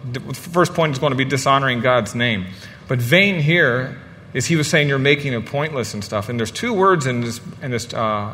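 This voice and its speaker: A man's voice: mid-range voice, a bit bright, in a large hall, a little hiss or hum. A man giving a sermon in a lighthearted, storytelling way, often repeating words as he finds his place. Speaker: guest preacher.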